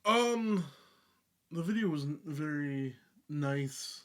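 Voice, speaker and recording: A man with a somewhat high voice gives his opinion in casual chat. He talks hesitantly, restarting his sentences and pausing on fillers. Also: animated, fairly bright tone. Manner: hesitant, halting, restarts often. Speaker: reaction channel co-host.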